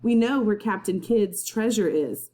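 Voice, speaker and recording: A woman's voice: mid-range voice, a little slow, warm tone, a little hiss or hum, natural voice, poor audio. A woman voicing a cautious young boy adventurer in a storybook. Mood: earnest.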